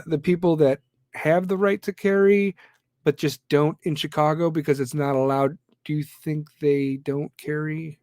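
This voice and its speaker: A man's voice: on the high side, darkish tone, no room sound, studio quality. A man hosting a podcast, delivering a blunt, profane, heated rant. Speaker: podcast host. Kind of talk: ranting monologue.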